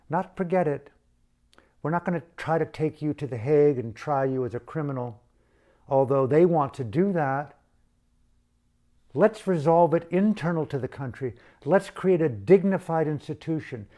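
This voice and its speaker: An older man with a fairly high, mellow voice delivers a fervent, rhetorical activist monologue at a normal pace. He keeps building long, repeated lists.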